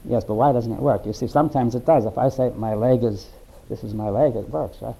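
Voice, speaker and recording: Man, deep mellow tone, reflective discussion, hesitant delivery, frequent "you see". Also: fairly even intonation, gravelly, slightly rough, low-quality recording. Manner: halting, checks in with "right?" and "you see". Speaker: discussion participant. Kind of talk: philosophical discussion.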